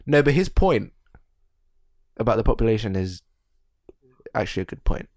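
A man co-hosting a podcast in casual chat, animated and quick to laugh as he retells comedy bits. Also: fairly low pitch, no room sound, studio quality. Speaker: podcast co-host.

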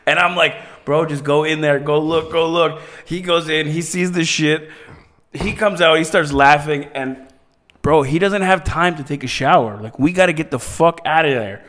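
Slightly high-voiced man telling a crude story. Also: normal speed, fairly bright tone. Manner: rambling, crude storytelling with many restarts. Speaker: podcast co-host. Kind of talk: casual chat.

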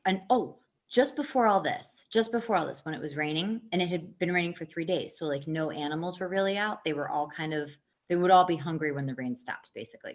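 A woman telling a long, animated, profanity-laced story in casual chat, laughing often. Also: low voice.

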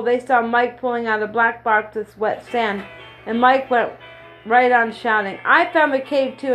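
A woman with a fairly high voice reads a children's story aloud at an even storytelling pace. She lifts her voice slightly for the children's lines but stays herself throughout. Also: poor audio. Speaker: storybook reader.

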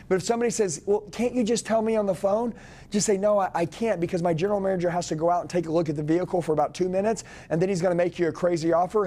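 A man giving a live sales training talk to a room, coaching hard and acting out quick customer calls. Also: high-pitched. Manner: loud, pushy coaching, quick acted role-play lines.

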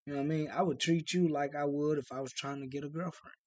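A man co-hosting a podcast in casual chat, talking bluntly and profanely with animated storytelling. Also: on the high side, fast, no room sound. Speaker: podcast co-host.

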